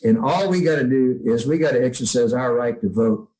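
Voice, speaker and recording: A man's voice: medium pitch, fairly quick, dark tone, low-quality recording. Man telling heartfelt stories, rambling. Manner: rambling, heartfelt, with many restarts and acted-out quotes. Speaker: songwriter guest. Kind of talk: casual storytelling interview.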